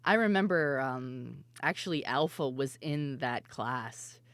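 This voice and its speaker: Woman vtuber chatting on stream, voice kinda fried and hoarse, laughs a lot, swears, dry sound. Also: extremely low pitch, slow, no room sound. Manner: laughs often, swears freely, lively storytelling. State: hoarse, voice worn out. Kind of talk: casual stream chat.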